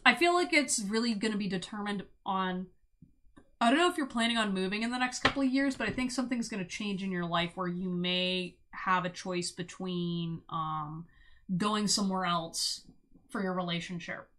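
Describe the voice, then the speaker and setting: A young woman streaming a casual tarot reading, bubbly and giggly, with sudden loud exclamations and lots of "like". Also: medium pitch, normal speed.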